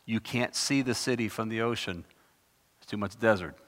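A man's voice: on the low side, moderate pace. Impassioned preacher man, hall echo. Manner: impassioned, rising loud when reading scripture; conversational asides between verses. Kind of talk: Bible teaching sermon. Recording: long hall reverb.

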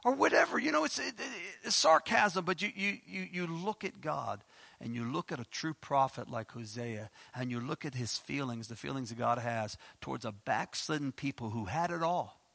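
A male preacher with a gravelly, fry-edged voice delivers an expository sermon in a dry, close-sounding space. He stumbles through frequent restarts, slows down to read scripture aloud and leaps into high, emphatic exclamations. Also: no room sound. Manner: animated, emphatic bursts of high-pitched exclamation.

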